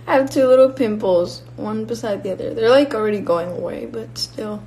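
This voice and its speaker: A woman's voice: on the high side, normal speed, darkish tone, poor audio. A young woman from Finland, casually chatting with fans on a live stream and answering their comments while she eats. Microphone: phone or built-in mic.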